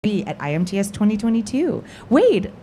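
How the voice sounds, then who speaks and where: An energetic woman hosts a live chat from a trade show lounge. Her pitch swings widely as she jokes and cheers her guests on. A faint hiss sits under the recording. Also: a little fast. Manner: upbeat, playful, laughing often. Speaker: host.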